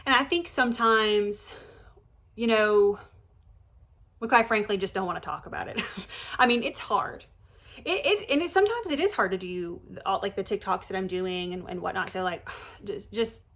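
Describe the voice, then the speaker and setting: A woman in her thirties speaks straight to her viewers in a heartfelt, casual way. Her voice sits at an ordinary middle pitch, earnest and emphatic. She often stops to restart a thought. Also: a bit bright. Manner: earnest, emphatic, conversational with many fillers and restarts. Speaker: faith vlogger on pregnancy loss. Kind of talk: heartfelt direct-to-camera talk.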